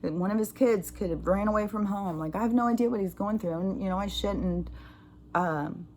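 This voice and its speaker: A woman's voice: mid-range voice, normal speed, slight background noise. An American woman talking casually to camera as a spiritual vlogger, swearing freely as she vents and reflects. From United States. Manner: profane, ranting and animated. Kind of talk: casual spoken monologue.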